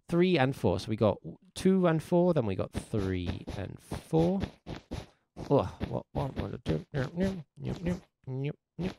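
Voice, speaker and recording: Lively, gravelly male music teacher. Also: fairly high pitch, normal speed, a little hiss or hum. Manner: animated, playful and encouraging. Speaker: music teacher streaming live. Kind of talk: livestreamed music lesson, chatting with viewers.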